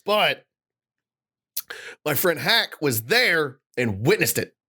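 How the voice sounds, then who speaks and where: A man's voice: on the high side, slow pace, husky. A man in his thirties co-hosting a podcast, telling a long story with lots of acted-out quotes. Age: 30s. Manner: animated storyteller, acts out quotes. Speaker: podcast co-host. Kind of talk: casual podcast rant.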